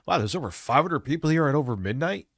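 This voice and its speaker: A man in his forties rants crudely, swearing at every turn while sounding stressed and worn out. His voice sits at an ordinary pitch. The sound is close and dry. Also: animated, quick pace, no echo. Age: 40s. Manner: crude, blunt, swears constantly. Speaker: livestreamer reacting to a video. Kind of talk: profane late-night stream rant.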